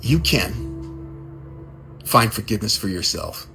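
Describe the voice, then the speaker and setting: A man giving a casual, conversational sermon, animated and given to repeating his words. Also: lowish voice, measured pace, gravelly, faint music behind. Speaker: speaker.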